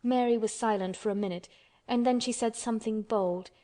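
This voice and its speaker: A woman's voice: a little high, fairly even intonation, a little fast, dark tone. Woman reading an audiobook steadily. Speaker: audiobook narrator. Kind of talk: scripted narration.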